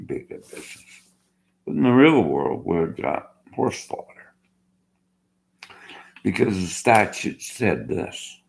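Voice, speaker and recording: Older man, bitter rambling rant, slurred gravelly voice, slow delivery. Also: low-pitched, a little mellow. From Canada. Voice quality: slurred-sounding speech. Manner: bitter, argumentative. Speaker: vlogger.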